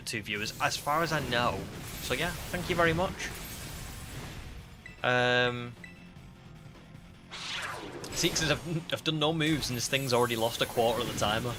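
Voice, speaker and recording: Man, northern English accent, slight Scouse twang, rambling stream chat, mid-pitched, music behind. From northern England. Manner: chatty, rambling, reads viewer comments aloud. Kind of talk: casual live-stream chat.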